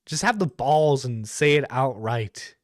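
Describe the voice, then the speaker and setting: A man's voice: mid-range voice, animated, unhurried, dry recording, studio quality. A man giving casual, rambling commentary as a streamer reacting to a video, with lots of fillers and blunt profanity.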